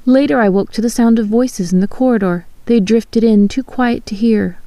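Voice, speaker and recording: A woman reading a story aloud in the first person, in a measured, expressive way. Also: on the high side, no echo. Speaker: narrator.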